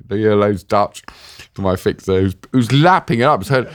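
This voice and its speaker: A middle-aged man, telling an animated story as an interview guest and acting out the voices in it with big pitch jumps. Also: a little fast, no echo, studio quality. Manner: lively, acts out dialogue with pitch jumps, laughs while telling.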